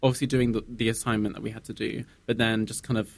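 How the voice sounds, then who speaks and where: A man's voice: on the low side, little pitch movement, fast talker, creaky. A young man, the guest, chatting casually on student radio in a rambling way, full of fillers and restarts. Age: young adult.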